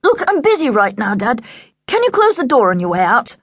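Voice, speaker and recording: A woman's voice: a little high, very animated, fairly quick, no room sound, studio quality, pitched above the performer's own voice. A woman voicing a boastful, show-off young boy with a swaggering, self-important manner. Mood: cocky.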